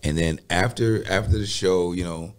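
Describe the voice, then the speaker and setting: Low-voiced man telling a laid-back story. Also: normal speed, clear, resonant tone. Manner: easygoing, swears freely. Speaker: podcast guest. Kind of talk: casual storytelling chat.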